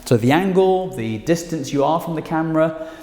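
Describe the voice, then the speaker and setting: A man with a British accent teaching presentation skills straight to camera, speaking emphatically with lively intonation. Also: fairly high pitch, moderate pace. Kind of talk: direct-to-camera instructional talk. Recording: echoey room with long reverb.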